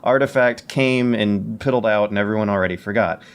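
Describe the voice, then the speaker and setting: A man co-hosting a casual podcast, who talks quickly and keen, stammers and corrects himself as he goes. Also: on the low side. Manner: fast, stammering, self-correcting enthusiasm. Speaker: podcast co-host.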